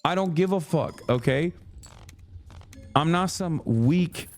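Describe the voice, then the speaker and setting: A man's voice: a little high, slow, a little hiss or hum. A man streamer ranting heatedly at his chat, swearing a lot and mocking people in a sarcastic put-on tone. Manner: angry, swearing, sarcastic mock quoting. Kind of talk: heated profane rant to chat.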